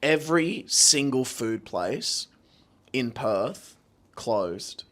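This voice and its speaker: A man's voice: mid-range voice, very animated, very slow, fairly bright tone. Aussie guy on a podcast, ranting and annoyed, blunt casual talk. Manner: blunt and grumbly, riled up. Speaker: podcast co-host.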